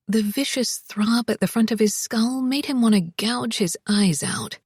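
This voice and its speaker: A woman reading an audiobook in a measured, even storytelling manner, close to the microphone. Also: a little high, slightly rough, dry recording. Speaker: audiobook narrator. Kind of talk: scripted audiobook narration.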